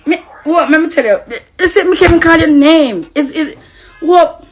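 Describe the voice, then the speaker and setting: A woman's voice: high-pitched, moderate pace, faint music behind. A woman from Costa Rica with a Jamaican Patois accent, ranting heatedly and profanely on a live stream. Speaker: social media personality.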